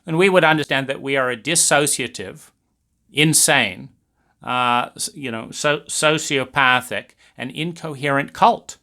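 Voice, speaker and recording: A man delivers a spoken monologue about family dynamics in an animated way, often slipping into little acted scenes. His voice is bright and forceful, and his pitch sits in the middle range for a man. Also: unhurried. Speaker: speaker on trauma. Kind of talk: lecture monologue.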